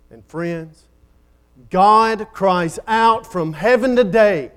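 A man's voice: sits high, very slow, clear, resonant tone. A man preaching a sermon in a dramatic style, building up and then falling nearly silent at the ends of phrases.

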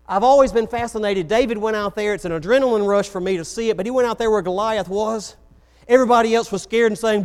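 A preacher with a high voice tells stories from the pulpit and plays out each quoted voice. A mains hum runs faintly under the recording. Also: male voice, fast, clear, resonant tone. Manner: storytelling, acts out quoted voices. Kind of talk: sermon.

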